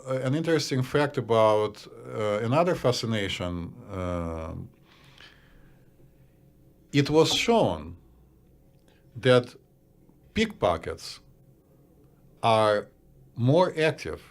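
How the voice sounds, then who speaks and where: A man with a Russian accent, a psychiatrist co-hosting a casual podcast chat, blunt and opinionated, often pausing on "uh". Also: on the low side, very animated. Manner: blunt, opinionated, hesitant with uh fillers. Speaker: psychiatrist co-host.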